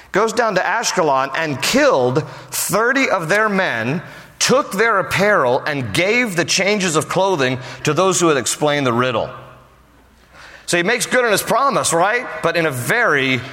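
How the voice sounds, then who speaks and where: Humorous, animated male preacher. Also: a little high. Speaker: pastor. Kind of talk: sermon. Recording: long reverb of a large hall.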